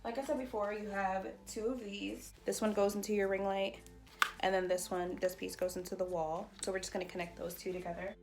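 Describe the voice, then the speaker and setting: A woman talks excitedly to her viewers from her bedroom, filling her sentences with "like" and "y'all" as she walks through a setup. Her voice sits at a mid pitch for a woman, and the camera picks it up on a tripod. Soft music plays faintly underneath. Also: a little fast. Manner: chatty, excitable, says "like" and "y'all" a lot. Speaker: beauty vlogger. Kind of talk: casual unboxing vlog. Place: bedroom at home. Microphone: phone or camera on a tripod.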